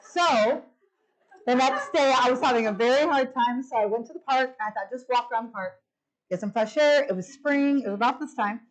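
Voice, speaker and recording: A middle-aged woman with a somewhat high voice tells a personal testimony to a church women's retreat. She talks in an animated, storytelling way and acts out what people said with big jumps in pitch. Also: brisk, low-quality recording.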